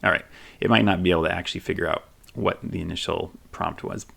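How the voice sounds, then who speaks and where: This is a man with a deep voice and a very gravelly texture, talking through a software demo at his desk. He thinks aloud in a casual way and reads lines off the screen with plenty of ums. Keyboard typing is heard behind him. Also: steady tone, quick pace. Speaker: tech video host.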